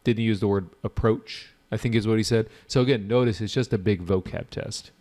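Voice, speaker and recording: A man with a fairly low voice runs an exam preparation lesson. He explains answers in a casual, chatty way and talks straight to his viewers. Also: steady tone, a little fast, a little mellow. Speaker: IELTS teacher. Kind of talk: online exam prep lesson.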